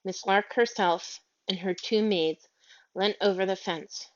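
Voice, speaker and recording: A woman narrating a children's story aloud in a gentle, measured reading. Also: mid-range voice, fairly even intonation. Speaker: audiobook reader. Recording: dull lo-fi audio.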